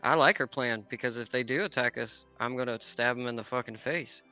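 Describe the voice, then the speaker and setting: A man's voice: mid-range voice, a little fast, sharp tone, muffled recording, soft background music. A man playing a tabletop game, announcing his character's actions in a blunt, brash way.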